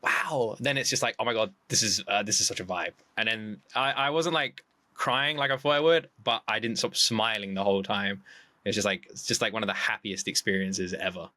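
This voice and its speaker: A man guesting on a podcast in casual chat, excitable, jumping into a high voice when acting out quotes. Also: brisk, no echo. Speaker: podcast guest, YouTube reactor.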